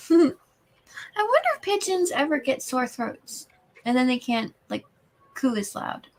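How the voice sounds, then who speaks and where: High playful woman, lively and unhurried. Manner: playful, giggly. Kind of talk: casual chat.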